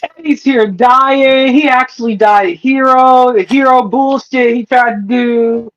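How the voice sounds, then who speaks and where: A woman with a fairly high voice is chatting casually as co-host of a TV review show. She is emphatic and curses freely, acting out her own reactions. She talks at a slow, drawn-out pace. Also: muffled recording. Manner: emphatic, swears a lot, acts out her reactions. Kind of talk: casual chat.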